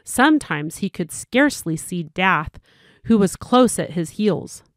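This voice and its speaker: A woman's voice: on the low side, measured pace, no echo. Woman reading a storybook aloud, dry close sound. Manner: steady, clear storytelling with occasional slips. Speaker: narrator.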